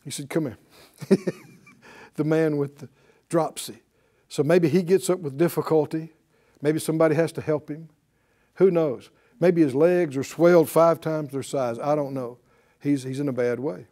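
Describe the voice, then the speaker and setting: A man's voice: a little high, moderate pace. A man preaching a sermon, calling out to his congregation for responses. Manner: animated, calls for responses from the congregation.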